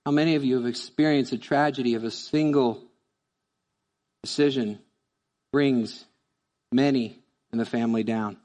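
A man preaching a sermon in a conversational, animated way, often acting out voices. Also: medium pitch, moderate pace, long pauses, big-room sound. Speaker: pastor.

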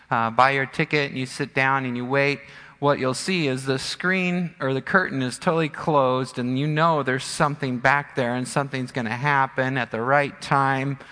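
A man preaching a sermon as pastor, an animated storyteller who acts out scenes. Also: mid-range voice. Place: church sanctuary. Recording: long church hall reverb.

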